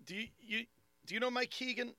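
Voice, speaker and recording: A man's voice: extremely high pitch, a little fast, dry recording. A man with a thick Long Island accent, a comedian telling a story in casual chat and acting out the people in it. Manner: animated, acts out people in his stories. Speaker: comedian and podcast host.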